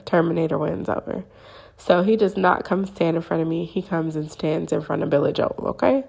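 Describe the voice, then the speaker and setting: A woman hosting a spiritual channel, telling a dream in a casual, animated way, acting out her own reactions and often checking in with listeners. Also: lowish voice, vocal fry. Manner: addresses listeners with frequent "okay?" checks.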